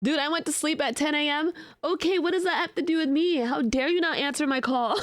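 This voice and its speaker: Young woman streamer chatting with chat, high voice, playful fake outrage, lots of likes and ums, dry close sound. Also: a little fast, dry recording. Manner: chatty and playful, with bursts of laughter and mock outrage; many fillers and restarts. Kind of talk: casual chat reacting to live chat.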